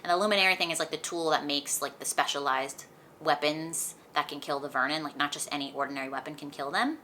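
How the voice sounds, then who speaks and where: A young woman chatting through a book recap for her vlog, animated and full of "like", recorded at home. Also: low voice, fast talker, a little hiss or hum. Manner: chatty, animated retelling with lots of "like". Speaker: book vlogger. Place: indoors at home, sunlight on her face.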